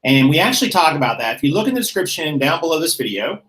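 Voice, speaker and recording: A man hosting his own channel in a casual chat, relaxed and self-mocking, laughing easily. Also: a little high, fast, rough recording. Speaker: YouTube channel host.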